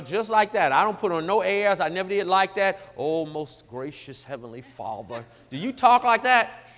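A man's voice: sits high, fairly bright tone, in a large hall. A middle-aged man preaching in a folksy, joking, emphatic way. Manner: folksy, joking, emphatic, mocks formal prayer. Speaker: pastor. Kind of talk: sermon-style radio talk.

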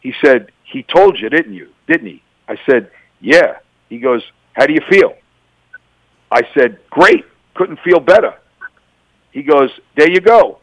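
A man's voice: mid-range voice, expressive, measured pace, dry recording, low-quality recording. A middle-aged man from New York giving a personal testimony as a radio interview guest, telling his story and acting out both sides of the dialogue.

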